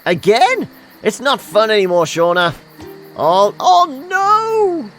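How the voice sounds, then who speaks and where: A man putting on the voice of a hot-tempered young village woman, shrill and indignant. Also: huge pitch swings, takes it slowly, fairly bright tone, faint music behind, full character voice.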